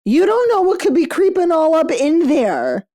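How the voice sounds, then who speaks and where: A woman's voice: extremely high pitch, big pitch swings, moderate pace, warm tone. A woman hosting a book club podcast, chatting casually in a blunt, profane way. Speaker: podcast host.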